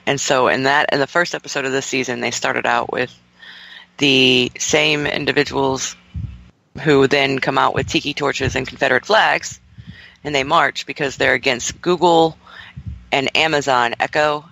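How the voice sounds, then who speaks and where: Gravelly, bright-toned male co-host. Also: medium pitch, moderate pace, poor audio. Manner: lively, laughs easily, explains at length. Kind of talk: casual radio show chat.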